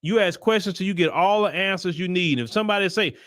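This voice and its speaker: A man's voice: high-pitched, a little fast, a bit bright, no room sound, studio quality. A man hosting a solo political commentary show, talking emphatically and firing off repeated rhetorical questions, with sarcastic asides while browsing websites on screen.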